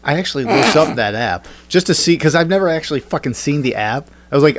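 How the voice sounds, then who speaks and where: A man's voice: fairly high pitch, expressive, fast, hardly any pauses. A man co-hosting a podcast in casual chat, swearing freely and teasing his co-host with wisecracks.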